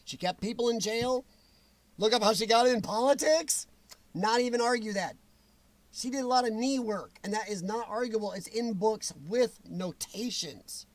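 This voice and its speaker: A man with a high-pitched voice hosts a livestream talk show. He rants bluntly and answers viewer comments. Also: normal speed, dry recording. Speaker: show host reading chat.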